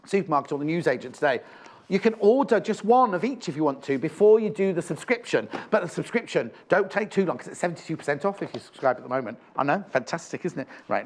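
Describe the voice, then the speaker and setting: A man presenting craft kits on a live shopping channel, chatty and enthusiastic, rambling with frequent self-corrections. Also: fairly high pitch.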